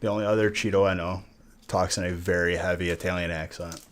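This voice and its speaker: A man's voice: low-pitched, fairly even intonation, fast talker, a little hiss or hum. A man hosting a live stream while opening card packs. He chats casually and jokes with viewers, greeting them by name. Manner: laid-back, joking, talks to chat by name.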